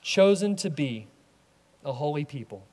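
A man preaching a sermon as a pastor, animated, acting out voices in his stories. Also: on the high side, measured pace, big-room sound.

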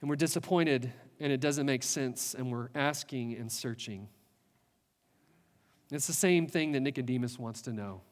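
A man preaching a sermon as a pastor, earnest, building with rhetorical questions and pauses. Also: medium pitch, in a large hall.

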